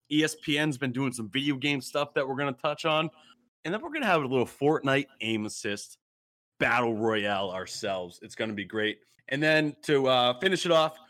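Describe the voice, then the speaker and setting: A man hosts a gaming podcast in a hyped, slangy way. He repeats words and restarts lines as he goes, in an average-pitched voice. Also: bright, forceful tone. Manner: hype, slangy, repeats himself. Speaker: podcast host. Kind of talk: energetic gaming podcast intro.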